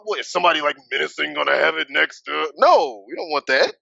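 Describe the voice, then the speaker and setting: Animated podcast man with bright, lively voice. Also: quick pace, gravelly, dry recording, muffled recording. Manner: animated, swearing, riffing, voice jumps high when excited. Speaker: podcast co-host. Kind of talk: casual wrestling recap chat.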